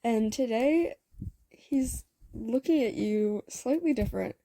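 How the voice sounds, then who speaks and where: A young woman narrating a fan-made story in a casual, rambling way, full of fillers and asides and quick giggles. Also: a little high, warm tone, no room sound. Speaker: fan audio story creator.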